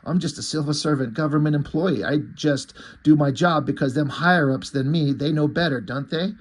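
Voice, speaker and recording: A man's voice: a little high, a little fast, close to an everyday voice. A man reading aloud the lines of a creepy male government assassin in a comic, with a wheedling, insinuating way of asking questions.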